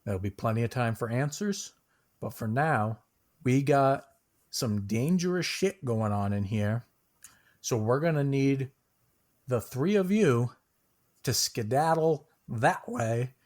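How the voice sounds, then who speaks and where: A man voicing a weary, blunt woman rescuer in a tabletop game, brisk and swearing. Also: medium pitch, lively intonation, a little mellow.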